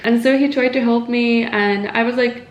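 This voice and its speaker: A woman's voice: on the high side, steady tone, moderate pace, highs cut off. Rambling woman from Estonia in a roomy room. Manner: rambling, filler-heavy, with frequent "like" and restarts. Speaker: lifestyle vlogger. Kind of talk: casual chat to camera. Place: at home indoors, with her cat nearby.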